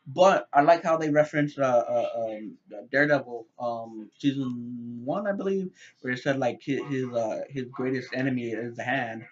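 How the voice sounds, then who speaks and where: A man's voice: mid-range voice, normal speed, few pauses. Male reviewer, casual and rambling, stumbles over words; slightly muffled home recording. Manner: rambling, many fillers and repeated words. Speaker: TV show reviewer.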